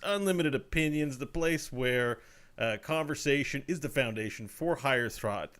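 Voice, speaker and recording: A man's voice: mid-range voice, moderate pace, a bit bright. A man hosting a casual podcast, joking and laughing as he improvises his lines. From Canada. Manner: jokey, laughs often, loose improvised talk. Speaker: podcast host. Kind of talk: casual chat.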